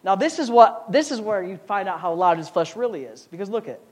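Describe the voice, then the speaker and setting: A preacher in the middle of a sermon, with a casual, chatty delivery. The voice sits at a middle pitch and moves widely, dropping into hushed asides and then rising to loud points. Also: quick pace. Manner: animated, conversational, swings from hushed asides to loud emphasis.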